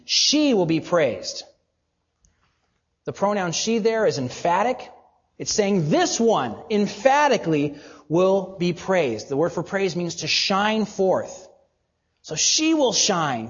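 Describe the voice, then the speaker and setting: A man's voice: sits high, slightly rough. A man preaching an expository sermon in a church hall, emphatic and asking the congregation questions. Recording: dull recording with long hall reverb.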